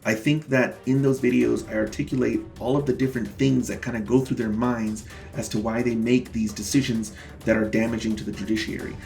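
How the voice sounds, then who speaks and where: A man's voice: medium pitch, steady tone, a little fast, gravelly, few pauses, a little mellow, soft background music. A man hosting his own vlog, walking viewers through his court filings in a casual but indignant, emphatic way and calling them "guys". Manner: indignant, emphatic, repeats key words for stress; talks straight to viewers as "guys". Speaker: self-represented litigant and channel host.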